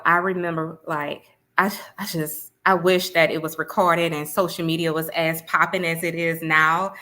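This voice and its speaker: A woman, a guest sharing animated stories in casual interview chat. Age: 30s. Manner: animated storyteller, quick bursts with laughter, drops to a low murmur. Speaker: guest, university alumna.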